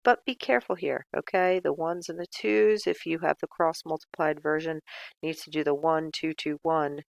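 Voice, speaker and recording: A woman's voice: low-pitched, fairly even intonation, normal speed, creaky, no echo. A woman teaching chemistry in a casual, chatty lecture with self-mocking asides.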